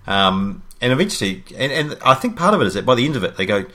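Quick, animated man with a low voice. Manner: wry, animated storyteller. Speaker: podcast co-host. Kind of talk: casual tech podcast chat.

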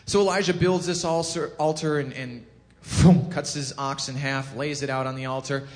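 A man giving a casual sermon, telling a scripture story with lively acted-out quotes and frequent self-corrections. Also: moderate pace. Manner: animated storytelling, acts out quotes with rising pitch and volume; self-corrects, chuckles at own jokes. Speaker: preacher. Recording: long hall reverb.

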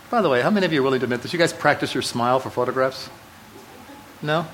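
A middle-aged pastor shares personal stories in his sermon at a church hall, speaking conversationally to the live crowd with self-mocking humor, frequent restarts, and asides to the audience. The low-quality recording carries slight background noise, and his medium-pitched voice sounds a bit bright.

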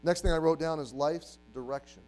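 A man preaching a sermon to a congregation, telling a story and moving from quiet, hushed passages to loud, emphatic ones. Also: a little high, brisk, faint music behind, rough recording. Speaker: pastor. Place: church.

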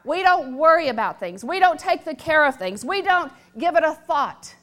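Middle-aged woman pastor, high pitched, emphatic sermon delivery with call-and-response. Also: sing-song, moderate pace, fairly bright tone. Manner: emphatic, repetitive, calls for audience response. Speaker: preacher.

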